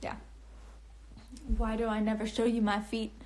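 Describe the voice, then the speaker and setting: A woman's voice: fairly high pitch, monotone, moderate pace, a little mellow. A young woman casually chatting on a phone livestream, answering comments in a bubbly, rambling way with lots of restarts and laughs. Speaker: livestream host and author. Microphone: phone camera.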